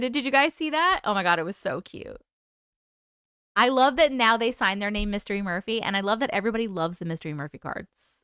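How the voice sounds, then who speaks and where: A woman hosts a home live stream, tired yet chatty, greeting viewers by name. Her voice is bright and smooth, with a lively, swooping pitch. The sound is close and dry. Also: dry recording. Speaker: host. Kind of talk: casual live-stream chat reading comments.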